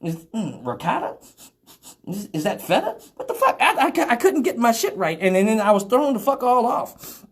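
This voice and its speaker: A man telling a story casually to a live audience as the show's host. He is animated and profane, jumping from loud outbursts to low, muttered asides. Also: normal speed. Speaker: radio show host.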